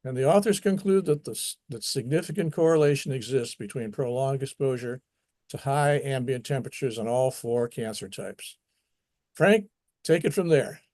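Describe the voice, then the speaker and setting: An American man from Kentucky hosting a casual talk show, hesitant and filling pauses with "uh" and "um". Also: medium pitch, a little mellow, no echo, clean studio sound. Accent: American English. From United States. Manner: hesitant, lots of uh and um fillers. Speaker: host. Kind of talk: casual chat.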